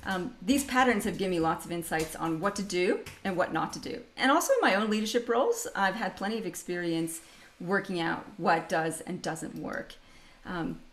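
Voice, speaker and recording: A woman's voice: fairly low pitch, lively intonation, moderate pace. A middle-aged Canadian woman presenting a leadership webinar over a video call, chatty and upbeat, laughing often. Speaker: leadership speaker hosting a webinar.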